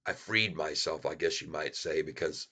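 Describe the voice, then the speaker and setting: A very deep, slightly rough voice, bright and forceful, moves at a moderate pace as this man talks to viewers of his channel from home in Michigan. His chat is folksy, meandering and sincere.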